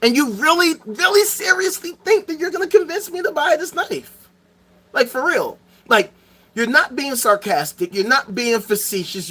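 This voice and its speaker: Bright-voiced streamer in a profane rant. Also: medium pitch. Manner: profane, sarcastic, emphatic. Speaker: streamer host. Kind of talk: livestream rant to chat.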